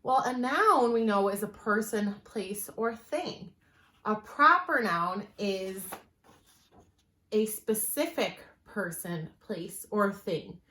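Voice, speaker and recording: A woman teacher giving a writing lesson, explaining clearly and patiently and slowing down to stress her examples. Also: medium pitch, lively intonation, pushed and bright. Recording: echoey room.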